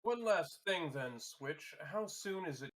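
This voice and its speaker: A man's voice: fairly high pitch, lively intonation, slow pace. A man playing a tabletop game, asking polite, formal questions in character over a voice call. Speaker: player. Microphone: home mic on a voice call.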